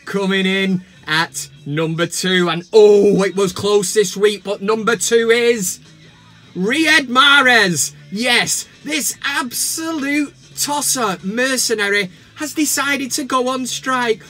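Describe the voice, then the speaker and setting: A man's voice: very high-pitched, slow, pushed and bright, faint music behind. A man hosting a football fan video, ranting and mocking players and pundits. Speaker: football vlogger.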